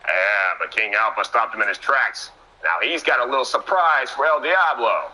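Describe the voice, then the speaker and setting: A young man doing excitable play-by-play commentary on a wrestling match, often breaking into sudden exclamations. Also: medium pitch, moderate pace, a little hiss or hum, rough recording.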